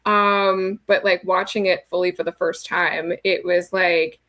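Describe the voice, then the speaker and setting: Woman guest on a movie podcast, animated and laughy, casual chat. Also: on the low side, unhurried.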